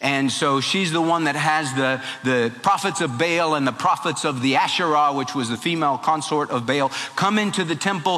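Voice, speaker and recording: A male preacher telling a Bible story in a folksy, animated sermon style. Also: fairly high pitch, normal speed, few pauses, big-room sound.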